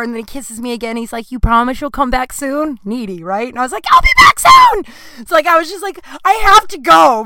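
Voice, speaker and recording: A young woman spins a long comic story in a bright, forward voice. She rambles and doubles back, then acts out the quoted lines with big swings. The recording is close and dry. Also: medium pitch, clean tone, no echo. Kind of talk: comedic storytelling.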